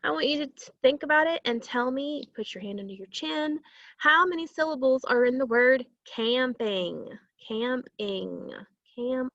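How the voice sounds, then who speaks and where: A woman teaching a phonics lesson to young children, slowly stretching out sounds and syllables. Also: high-pitched, expressive, a bit bright, no echo, lo-fi sound.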